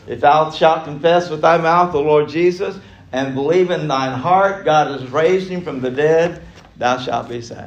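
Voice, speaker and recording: A man's voice: a little high, measured pace, lo-fi sound. A man teaching an adult Bible class, emphatic, chuckling between points and repeating key phrases for emphasis.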